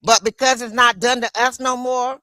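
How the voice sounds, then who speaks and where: A woman's voice: a little high, fairly even intonation, moderate pace, sharp tone, no echo. A woman from the United States hosting a solo livestream, venting in an impassioned, emphatic way. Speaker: livestream host.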